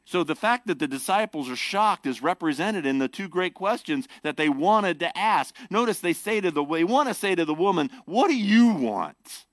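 A man preaching a sermon, animated and emphatic as he explains scripture to his congregation. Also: on the high side, moderate pace, few pauses, no room sound. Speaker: pastor.

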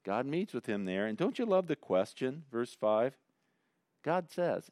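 A man preaching a sermon in a conversational way, swinging between loud emphasis and quiet asides. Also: medium pitch, very animated, measured pace, no echo, studio quality. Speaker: pastor.

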